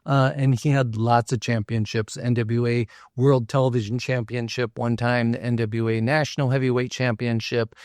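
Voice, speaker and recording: A man's voice: medium pitch, level tone, moderate pace, hardly any pauses, a little mellow, no room sound. Chatty man with a dry close sound. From Minnesota, US. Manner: chatty, loose, frequent fillers and asides. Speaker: local history podcast host. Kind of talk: casual storytelling talk.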